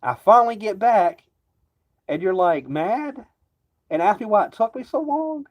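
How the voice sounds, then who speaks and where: A man's voice: sits high, big pitch swings, unhurried. A man ranting casually to camera, rambling and agitated, swearing constantly. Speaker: vlogger. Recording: dull lo-fi recording.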